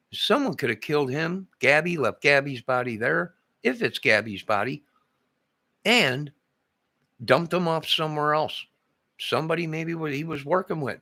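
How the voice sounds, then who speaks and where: A man's voice: medium pitch, bright, forceful tone, no room sound. An older man, a vlogger, in an agitated, repetitive, rambling monologue.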